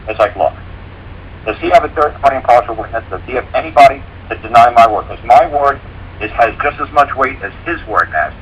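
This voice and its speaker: A man's voice: medium pitch, quick pace, highs cut off, a little hiss or hum. A man talking as a guest on a radio show, blunt, folksy and profane, explaining things through homespun stories. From rural mountain area. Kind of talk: casual radio talk.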